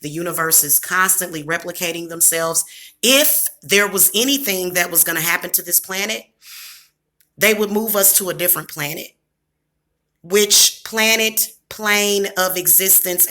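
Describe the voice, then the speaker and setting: A woman's voice: on the low side, pushed and bright. A woman from the American Midwest with a Southern accent, chatting casually on a livestream, rambling and talking to her viewers. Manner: rambling, talks to chat viewers. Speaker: livestream host. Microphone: device camera.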